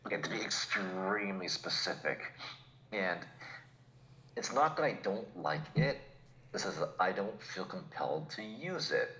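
New england guy on a chatty podcast, really deep voice, kinda thoughtful, roomy echo. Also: lively intonation, a little slow, fairly bright tone. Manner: reflective, picks words carefully. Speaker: podcast co-host. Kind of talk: casual chat. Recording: echoey room.

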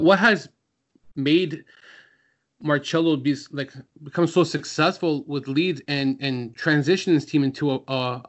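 A man hosting a football chat show who asks questions hesitantly and stumbles over names. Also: medium pitch. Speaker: podcast host. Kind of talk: casual chat. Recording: dull, lo-fi sound.

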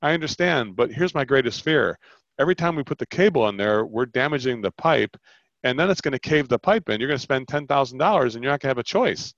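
A man coaches a caller on sales, animatedly playing both sides of the pitch in a role-play. His mid-range voice moves fast with no room sound. The call audio is dull and lo-fi.

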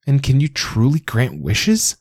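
Storybook figure: a high, eager little basil plant, pleading and apologetic, as a male narrator puts him on. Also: huge pitch swings, unhurried, darkish tone, breathy edge, no room sound, studio quality, exaggerated voice. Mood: earnest.

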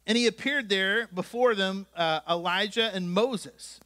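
Bright high-voiced male pastor preaching. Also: a little slow. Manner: conversational, joking asides while reading scripture. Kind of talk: sermon.

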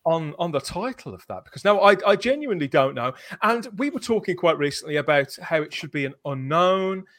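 A man with a notably high speaking voice hosts a livestreamed panel chat. He steers the discussion and brings in viewer comments as he goes. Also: lively intonation, brisk, fairly bright tone. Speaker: podcast host.

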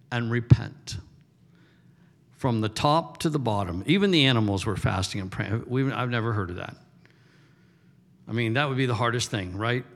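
Man, 50s, pastor, sermon, conversational storytelling, mid-pitched voice, long hall reverb. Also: gravelly, a bit bright.

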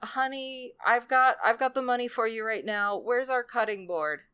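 A woman voicing a sly, lazy male tortoise trickster who fakes being sick, speaking softly in a drawn-out, faux-frail way. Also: extremely high pitch, clean tone, pitched above the performer's own voice. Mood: feigning sickness. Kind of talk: casual storytelling.

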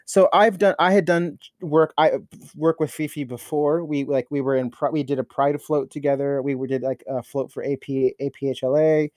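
A young man chatting as a podcast guest, his voice sitting a touch high for a man. He tells crude stories with lots of swearing and filler words, in a dry room with no echo. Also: fairly even intonation, normal speed, few pauses, darkish tone. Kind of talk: casual chat.

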